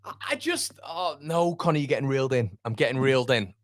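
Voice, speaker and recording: A man in his thirties hosting a live football watchalong, chatting with viewers in an animated, rambling way that jumps between laughter and fed-up rants. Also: mid-range voice, a little fast, dry recording, studio quality. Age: 30s. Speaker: fan channel host.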